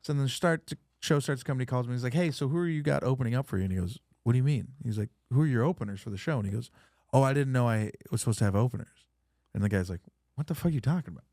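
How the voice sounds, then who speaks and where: Animated swearing male podcast host. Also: mid-range voice, very fast, no echo, clean studio sound. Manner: animated storyteller, acts out quotes, swears freely. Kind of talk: casual chat.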